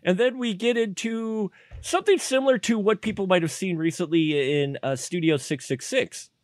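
A man co-hosting a casual podcast, excitedly recapping a bad movie scene by scene and laughing often. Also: high voice, moderate pace, no room sound, studio quality. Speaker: podcast co-host.

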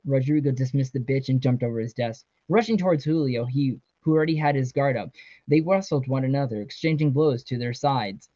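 A man's voice: mid-range voice, brisk, mellow, dry recording. A man, a guest author, reading his novel aloud earnestly with small stumbles. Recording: dry, slightly dull sound.

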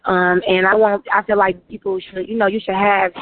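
A woman's voice: medium pitch, flat delivery, normal speed. A woman, telling her life story as an interview guest, emotional and full of "like"s. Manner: emotional, run-on storytelling with many "like"s. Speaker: author and guest. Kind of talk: personal testimony in an interview. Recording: tinny phone-like line.

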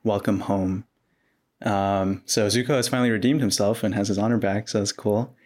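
Relaxed low-voiced man recapping scenes. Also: brisk. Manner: relaxed, narrates scenes step by step with fillers. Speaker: podcast co-host recapping episodes. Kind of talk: casual recap chat.

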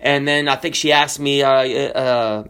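A man in his forties preaching a sermon as a pastor, telling stories in a conversational way with many fillers and swinging between quiet low asides and high excited bursts. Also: measured pace, clear, resonant tone. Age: 40s. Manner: conversational storytelling with frequent fillers.

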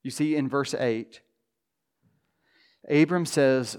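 A man preaching a sermon to his congregation, earnest, dropping to a soft hush when he voices quoted prayers. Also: a little high, a little slow. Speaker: pastor.

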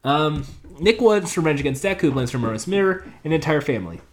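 A man's voice: on the high side, animated, brisk. Rambling man recapping an episode. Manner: rambling, with many fillers and restarts. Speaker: show reviewer.

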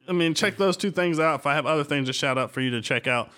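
A man's voice: on the high side, fast talker, pushed and bright, clean tone. A man chatting crudely and casually as a podcast co-host, hesitant and swearing a lot.

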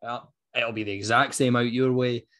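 A man's voice: medium pitch, steady tone, normal speed, a bit bright. A man with a Dundee Scottish accent, co-hosting a podcast in casual chat, earnest and passionate, with frequent ums. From Dundee, Scotland. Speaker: podcast co-host.

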